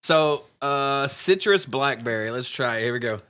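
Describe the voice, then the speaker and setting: Running a snack taste-testing segment, this podcast co-host chats casually and addresses his listeners directly. His medium-pitched voice is bright, forceful, clear, and resonant, with lively intonation at a moderate pace. The podcast microphone uses a noise gate, and faint background music is audible.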